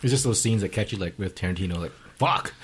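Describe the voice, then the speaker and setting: A man co-hosting a podcast in casual chat, blunt and quick to swear. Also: low voice, expressive, background noise. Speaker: podcast co-host.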